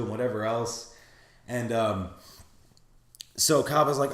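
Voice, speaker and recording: A man's voice: mid-range voice, unhurried, pauses often. Rambling man recapping an anime, roomy sound. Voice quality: animated, acts out character lines in funny voices. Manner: rambling with many restarts and fillers. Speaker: anime reviewer. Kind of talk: casual recap.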